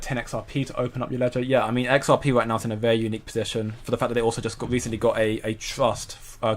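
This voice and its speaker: A young man hosting a casual crypto commentary stream, rambling with many stumbles and repeated words while reading viewer comments. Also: mid-range voice. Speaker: crypto channel host.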